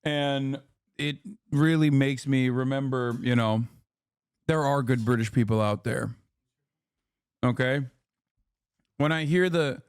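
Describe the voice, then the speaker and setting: A man in his thirties reacting to a video on a livestream, blunt, exasperated and quick to swear. His voice sits fairly high. The sound is dry and close. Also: clear, resonant tone, no room sound. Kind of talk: casual livestream commentary.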